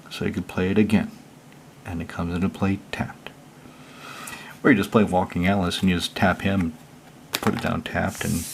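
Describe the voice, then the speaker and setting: Low gravelly man explaining card games. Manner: relaxed, chatty, reads card text then explains it plainly. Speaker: channel host. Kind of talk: casual card deck walkthrough.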